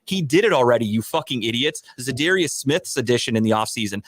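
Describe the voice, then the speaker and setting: A man co-hosting a casual sports podcast, going on heated, profane rants that climb toward shouting. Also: mid-range voice, animated, quick pace, hardly any pauses, slight background noise. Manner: heated, profane ranting, rising to near-shouting. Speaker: podcast co-host.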